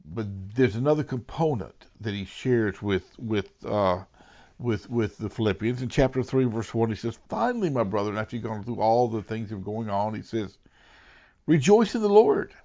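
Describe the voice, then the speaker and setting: A male pastor giving an earnest sermon, dropping to hushed whispers and then rising to emphatic, raised lines. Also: fairly low pitch, big pitch swings, normal speed, muffled recording.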